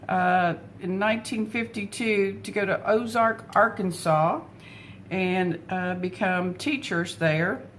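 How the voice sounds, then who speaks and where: A middle-aged woman talking at her desk at home in a casual personal vlog, unhurried and heartfelt, pausing often on fillers. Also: mid-range voice, slight background noise. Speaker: vlogger.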